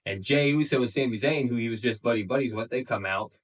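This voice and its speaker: Animated male podcaster, a bit off-mic. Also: mid-range voice, fast, husky, recorded from a distance. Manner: animated storytelling, acting out quotes. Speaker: wrestling podcast co-host. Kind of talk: casual podcast recap.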